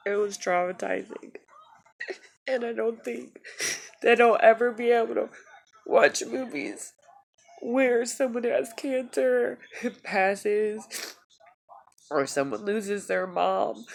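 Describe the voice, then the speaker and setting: A woman tearfully talking in a personal video journal, halting and soft-spoken. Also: a little high, creaky. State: crying. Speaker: vlogger.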